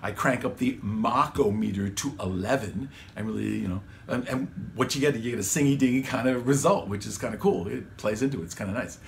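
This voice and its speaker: A man's voice: fairly low pitch, brisk, gravelly, few pauses, slight background noise. A man, a songwriter and guitarist, walks through how he recorded his vocals in a casual, rambling way, dropping slang like "man" and "dude". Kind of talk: casual home-studio walkthrough.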